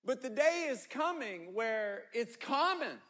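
A man's voice: very high-pitched, very animated, unhurried, sharp tone. A middle-aged man preaching a sermon, emphatic and repetitive, often restarting his words. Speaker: pastor.

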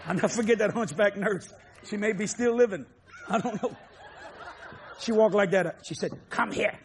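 A preacher from New Orleans with a Cajun accent, who shouts emphatic lines and drops low to chuckle through his stories. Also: moderate pace, slight background noise. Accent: Cajun, Louisiana. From New Orleans, Louisiana. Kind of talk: sermon with humorous storytelling.

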